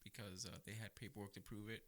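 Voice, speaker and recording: A man's voice: lowish voice, little pitch movement, fast. A man co-hosting a podcast, chatting loosely and profanely. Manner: loose, profane, many fillers. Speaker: podcast co-host. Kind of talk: casual chat.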